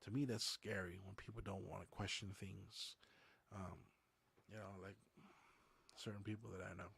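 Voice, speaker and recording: Host, male, low and husky, loose rambling livestream chat, dry close sound. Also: fairly even intonation, moderate pace, a bit bright. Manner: rambling, conversational, many fillers. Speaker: podcast host. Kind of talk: casual livestream chat, reading viewer comments.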